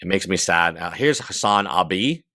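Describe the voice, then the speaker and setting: Low-voiced guy talking over clips, halting with lots of ums, bright tone. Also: lively intonation, no room sound, clean studio sound. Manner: halting, many fillers. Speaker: commentator in a played clip. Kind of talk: video commentary.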